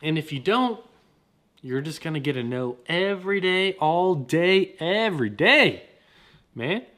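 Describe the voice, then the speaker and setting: A man hosting a motivational podcast, talking in an energetic, slangy way and repeating his points. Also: a little high, measured pace. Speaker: podcast host.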